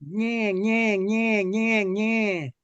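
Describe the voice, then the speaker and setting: A man's voice: sits high, little pitch movement, extremely slow, fairly bright tone, smooth, no room sound, dull audio, full character voice. A man doing an impression of a tough, menacing man playing a shark, taunting with tough-guy swagger.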